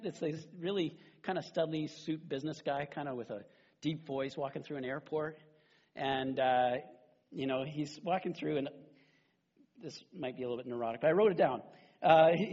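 A middle-aged male pastor preaches an animated, conversational sermon, frequently checking in with "right?". His voice is mid-range and husky, and the audio is dull.

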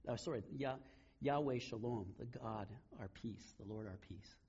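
A man preaching a sermon, retelling scripture stories in a relaxed, conversational way. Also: medium pitch, moderate pace, husky, lo-fi sound. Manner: conversational storytelling, casual paraphrase of scripture. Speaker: pastor.

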